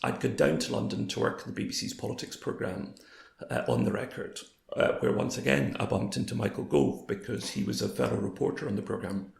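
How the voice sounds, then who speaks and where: A man in his fifties, hoarse, telling stories as an interview guest. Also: mid-range voice, brisk. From Scotland. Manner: anecdotal, quoting others in lively voices. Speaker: guest, former broadcaster. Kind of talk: storytelling in a casual interview. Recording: roomy echo.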